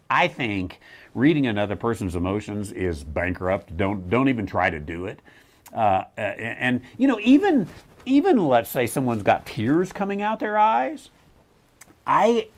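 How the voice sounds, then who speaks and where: A man hosting a Bible question show, talking in a blunt, wry way, with quick self-mocking laughs and mocking asides. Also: on the high side, a bit bright. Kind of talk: casual teaching talk.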